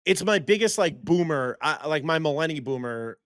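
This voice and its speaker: A young man co-hosting a casual sports chat, an excitable and animated storyteller. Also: on the high side, normal speed, no echo, studio quality. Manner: excitable, animated storyteller who slips into impressions. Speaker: co-host.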